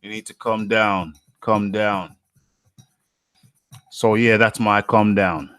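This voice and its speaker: A man's voice: fairly low pitch, fairly even intonation, slow pace, a bit bright, clean tone, dry recording. A man from the UK hosting a live boxing talk stream, chatting casually and reading out viewer names and comments.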